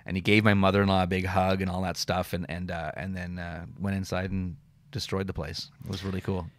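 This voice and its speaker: Deep-voiced man telling rambling stories. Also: little pitch movement, brisk, no room sound. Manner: rambling storyteller, frequent filler words and swearing. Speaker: comedian and radio host. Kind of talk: casual interview chat.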